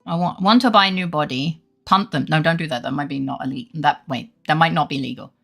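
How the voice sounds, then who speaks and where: A woman's voice: low-pitched, fast talker, vocal fry, fairly bright tone, soft background music. Chatty, sweary woman streamer. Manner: chatty, swears freely, laughs often. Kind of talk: casual live-stream chat with viewers.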